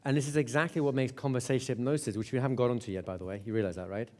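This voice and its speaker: A hypnosis instructor races through a live seminar in a medium-pitched, slightly mellow voice with fairly even intonation. He speaks conversationally, checking in with "right?" and restarting and repeating phrases.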